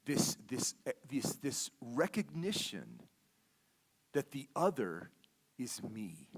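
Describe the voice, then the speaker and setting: A man's voice: medium pitch, very animated, slow pace, vocal fry, slightly rough. A man giving a sermon as a guest speaker, telling a personal story in a conversational way, repeating words and often checking in with "okay?". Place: church sanctuary.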